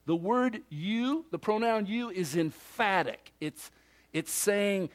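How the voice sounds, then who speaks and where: A man preaching a sermon in a fairly high voice at an unhurried, deliberate pace. He moves between loud, pressing emphasis and quiet, hushed asides, often voicing imagined listeners. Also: expressive. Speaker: pastor.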